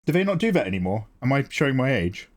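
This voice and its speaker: A middle-aged man with a British accent keeps up an easygoing, joking chat with viewers. His mid-range voice rises and falls a lot as he talks. He answers questions with quick, playful asides. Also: mid-range voice, very animated. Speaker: livestream host. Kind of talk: casual chat with viewers while drawing.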